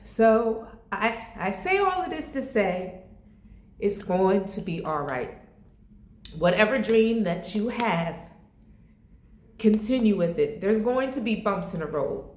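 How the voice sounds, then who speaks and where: A woman's voice: mid-range voice, roomy sound. A woman from the United States telling a personal story in a vlog, heartfelt and encouraging, close to tears at times. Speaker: vlogger.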